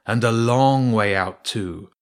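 A man voicing an aloof male cormorant with a smooth voice, speaking slowly and dryly. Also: mid-range voice. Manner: slow, dry, sarcastic.

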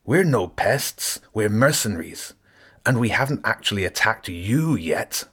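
A man voicing a tall, muscular male rat mercenary with a rough Scottish accent, blunt and defiant, in an audiobook. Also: fairly low pitch, lively intonation, a little slow, a bit bright, voice pushed up, exaggerated voice. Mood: gruff, defiant.

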